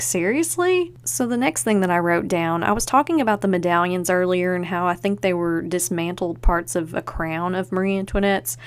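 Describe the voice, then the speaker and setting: Woman, podcast host, lower-pitched, casual enthusiastic chatter. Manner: chatty and enthusiastic, loose with fillers like "like".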